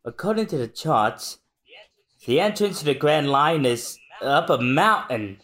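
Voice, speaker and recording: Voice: mid-range voice, lively intonation, measured pace, a bit bright. A podcast co-host chatting casually and reading a manga aloud with wry, dry remarks.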